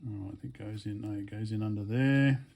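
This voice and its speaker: A man giving a casual hands-on teardown commentary, thinking aloud in a hesitant, low-key way with many fillers and restarts while he works. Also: steady tone, a little fast, creaky, a little mellow. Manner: low-key, mutters asides while working with his hands. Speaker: electronics hobbyist vlogger.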